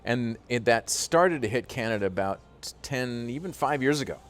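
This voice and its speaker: A man, a voice actor being interviewed, telling stories in a lively way with many fillers like "uh" and "you know". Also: medium pitch, normal speed, soft background music. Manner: animated storyteller with frequent fillers. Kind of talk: casual interview chat.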